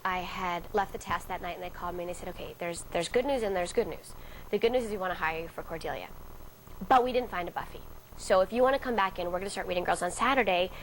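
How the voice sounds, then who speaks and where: Fast-talking woman telling a story. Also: fairly low pitch, a little hiss or hum, low-quality recording. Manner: acts out quoted dialogue vividly. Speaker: actress interviewee. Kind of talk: casual storytelling interview.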